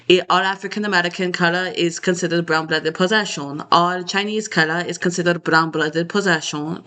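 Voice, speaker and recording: A man's voice: fairly high pitch, bright, forceful tone. A man in a loose, meandering solo monologue to camera, full of fillers and restarts. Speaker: vlogger.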